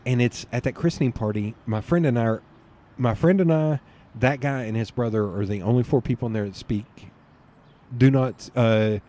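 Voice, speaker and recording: A man's voice: mid-range voice, moderate pace, warm tone. A man with a Southern US accent, a podcast guest rambling through stories in casual chat and laughing often.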